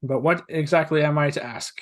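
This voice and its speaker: A man voicing a solemn male high priest of a jackal god who speaks formally in a tabletop game. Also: lightly acted. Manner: formal, measured speech.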